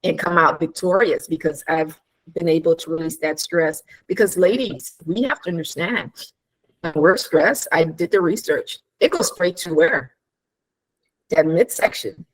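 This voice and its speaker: This woman's voice is lowish and a little slow, captured on a low-quality recording. Chatting casually, she spins lively stories, performs the dialogue she quotes, laughs often and poses rhetorical questions.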